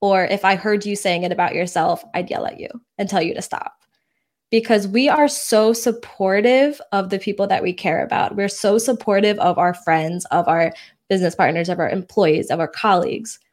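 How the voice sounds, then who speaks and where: A woman co-hosting a podcast in casual chat, earnest and candid. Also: mid-range voice. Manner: earnest, candid, quick bursts. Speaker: podcast co-host.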